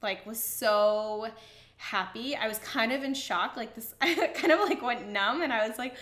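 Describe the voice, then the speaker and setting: A young woman chats to the camera in an eager, gushing voice, her words peppered with "like." Her tone is bright and forward. The sound carries a noticeable room echo. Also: on the high side, measured pace. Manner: gushing, excited, with frequent "like" fillers. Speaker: vlogger. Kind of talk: casual storytelling to camera.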